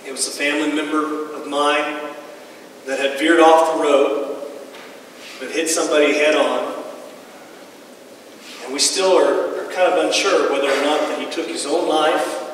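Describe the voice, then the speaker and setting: A pastor preaching a sermon, telling stories in a halting, conversational way with many restarts. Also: male voice, fairly high pitch, slight background noise. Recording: echoey hall, mic far off.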